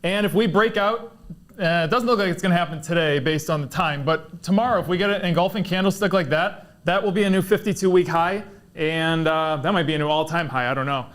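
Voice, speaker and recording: A man's voice: on the high side, brisk, fairly bright tone. A man analysing stocks for momentum trading on a livestream, explaining chart signals in plain casual terms.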